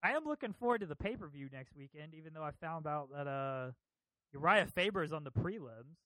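A man hosting a casual podcast chat, laid-back and quick to laugh. His voice sits a little high, and the recording is dry. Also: expressive, pushed and bright, dry recording. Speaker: podcast host.

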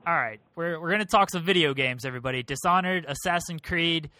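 Bright, joking man hosting a podcast. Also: a little high, quick pace, no echo. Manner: joking, teasing. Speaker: podcast host. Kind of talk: casual podcast chat.

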